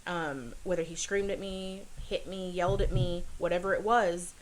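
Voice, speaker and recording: Halting, earnest woman, low-pitched. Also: fairly even intonation, slight background noise, rough recording. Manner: halting, heavy with fillers and restarts; earnest, confessional. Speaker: podcast guest. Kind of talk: personal storytelling.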